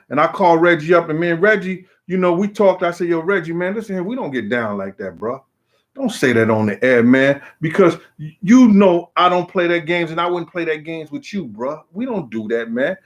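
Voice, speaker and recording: A man's voice: a little high, animated, a little fast. A man hosting a casual live-stream, greeting viewers by name in street slang, emphatic and repetitive. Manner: emphatic, repeats himself. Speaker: show host.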